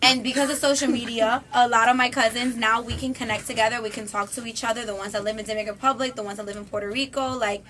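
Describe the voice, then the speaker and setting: A young woman co-hosting a casual group chat, animated and quick to laugh, often trailing off mid-sentence. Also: a little high, slight background noise. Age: young adult. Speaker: podcast co-host.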